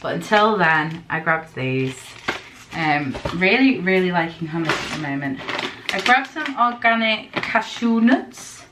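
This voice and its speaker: A woman vlogger chatting casually through her grocery haul, rambling with lots of ums and quick giggles, her throat a little dry. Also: fairly low pitch, expressive, recorded from a distance. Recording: faint noise, voice a bit off-mic.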